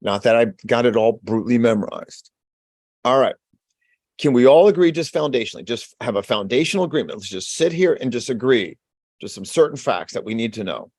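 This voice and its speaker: A man giving a lively webinar lecture as an exam prep instructor, repeating key phrases and drawing his audience into call-and-response. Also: medium pitch, fairly quick, no echo, clean studio sound. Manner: energetic, call-and-response teaching.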